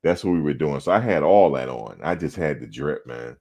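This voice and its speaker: A man hosting a sports talk show, telling a profane, animated story about his playing days. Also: rumbling low, fairly quick. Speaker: show host. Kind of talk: casual storytelling.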